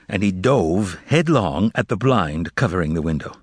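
Low-voiced man narrating a novel. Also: lively intonation, moderate pace, husky, no room sound, clean studio sound. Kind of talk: audiobook narration.

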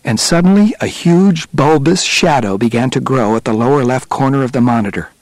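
A man reads a nonfiction audiobook in a steady, measured way. His pitch sits in the middle range for a man. The recording is close and dry, with no room sound. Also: no room sound. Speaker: narrator. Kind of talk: audiobook narration.

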